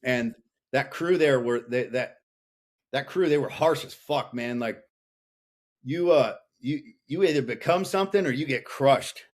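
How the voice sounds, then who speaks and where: A man's voice: medium pitch, measured pace. A man in his thirties, a podcast guest, telling his story in a blunt, profane, intense way. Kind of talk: casual interview chat.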